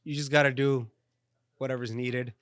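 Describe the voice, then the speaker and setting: Relaxed man with a smooth voice. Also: mid-range voice, normal speed, no echo, studio quality. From Southern California. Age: 30s. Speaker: guest, restaurant owner's son. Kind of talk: casual interview chat.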